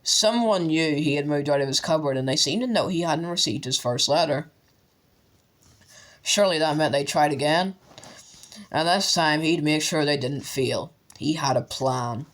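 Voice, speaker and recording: A man narrating an audiobook with steady storytelling. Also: a little high.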